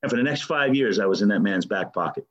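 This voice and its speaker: A man's voice: lowish voice, lively intonation, fast talker, a bit bright, highs cut off. A man giving an earnest, emotional personal testimony at a recovery meeting. He often stammers and restarts his sentences and swears casually. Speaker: speaker sharing a recovery story.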